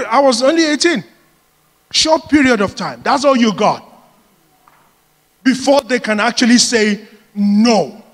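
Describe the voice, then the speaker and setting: A man preaching a sermon, telling personal stories in a lively way and laughing often. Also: very high-pitched. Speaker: pastor. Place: large church hall. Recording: long reverb of a church hall.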